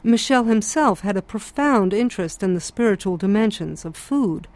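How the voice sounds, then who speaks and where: Woman narrator, calm reflective audiobook read, dry recording. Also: mid-range voice, dry recording. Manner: measured, reflective.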